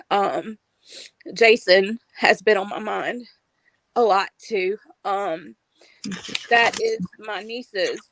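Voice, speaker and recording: A woman calling in for a psychic reading, answering softly with brief affirmations. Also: medium pitch, a little hiss or hum. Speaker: caller getting a reading. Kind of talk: live call-in conversation.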